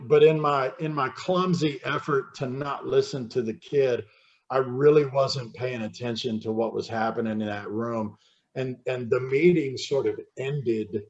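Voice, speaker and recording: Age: 50s. Sex: man. Role: podcast guest. Pitch: average male. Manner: candid, halting storytelling that often repeats words. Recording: dull lo-fi podcast audio.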